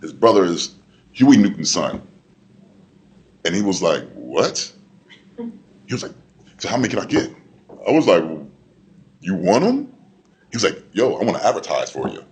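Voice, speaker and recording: A man on a convention panel telling a story with excitement, laughing and acting out what people said. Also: sits low, fairly quick, pauses often. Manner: excited, laughing, acts out quotes. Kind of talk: casual storytelling.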